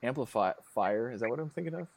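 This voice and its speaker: A man's voice: medium pitch, expressive, fairly quick, gravelly, slight background noise. A man hosting a casual interview, easygoing and rambling, often searching for words mid-sentence. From Chicago. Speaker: podcast host.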